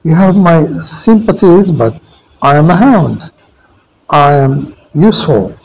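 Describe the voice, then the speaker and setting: Brief: a man playing a lazy, self-important old hound in a storybook, slow and dismissive. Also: on the high side, very animated, vocal fry, a little mellow, muffled recording, exaggerated voice. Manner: dismissive, drowsy. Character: sleepy indifferent old hound dog.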